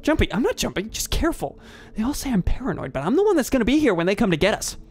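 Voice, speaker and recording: A man voicing a jumpy, paranoid man who talks nervously and bursts into shouts. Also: high-pitched, sing-song, very fast, a little hiss or hum, pitched above the performer's own voice. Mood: anxious.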